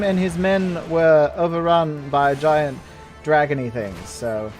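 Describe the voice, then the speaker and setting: A man hosting a gameplay video, talking casually as he plays. He rambles, gets excitable and laughs often, in a slightly high voice. Faint music plays in the background. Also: unhurried.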